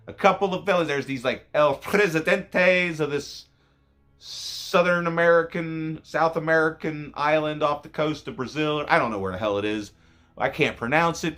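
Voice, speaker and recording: Man, casual film reviewer, profane and rambling, bright tone, faint music bed. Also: normal speed. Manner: profane, rambling, self-interrupting; voice jumps high when emotional. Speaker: movie reviewer.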